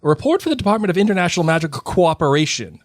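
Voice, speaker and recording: A man with a Boston accent voicing a smug, self-important young male wizard clerk in a higher, louder voice while reading a novel aloud. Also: huge pitch swings, fairly quick, no room sound, clean studio sound, exaggerated voice. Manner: smug, lecturing, raised voice.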